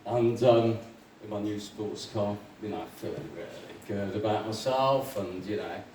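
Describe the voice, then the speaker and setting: A male open-mic comedian on a small comedy club stage rambles through his jokes in a fairly low, dark, mellow voice, halting, full of ums, and laughing at his own material. The mic is distant at the back of the echoey room, with faint noise.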